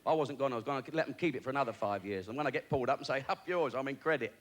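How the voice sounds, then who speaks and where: A man's voice: mid-range voice, rapid-fire. A man doing a stand-up routine on a TV variety show, full of cheeky, rambling patter and asides. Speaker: stand-up comedian. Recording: noisy broadcast with loud studio audience. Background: audience laughter.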